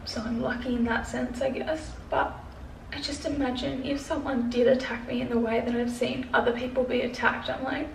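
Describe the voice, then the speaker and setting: Her fairly high, steady voice has vocal fry and a moderate pace as this sewing pattern designer, in her twenties, vlogs casually from her bedroom. She's tearful and stressed, anxiously rambling, swearing and filling gaps with fillers. Echo and faint background noise mark the recording.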